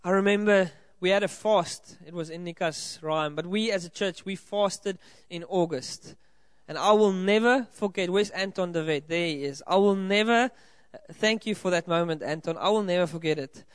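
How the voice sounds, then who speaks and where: Speaking at a moderate pace in a high-pitched, smooth voice, this South African pastor delivers a sermon in a church hall. His tone is earnest and encouraging as he talks straight to the congregation before him, with no echo on the recording.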